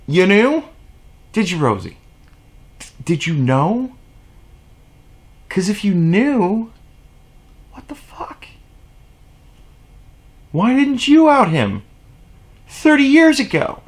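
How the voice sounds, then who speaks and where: High, swinging man ranting profanely. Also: sing-song, slow pace, pauses often. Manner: sarcastic, mocking asides. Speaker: vlogger. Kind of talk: opinion vlog rant.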